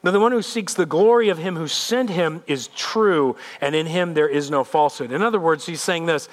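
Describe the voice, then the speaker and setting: A man preaches a sermon in a high, bright-edged voice, leaning into points with emphatic repetition. His delivery stays conversational even while it presses hard on the message. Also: moderate pace, hardly any pauses. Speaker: pastor.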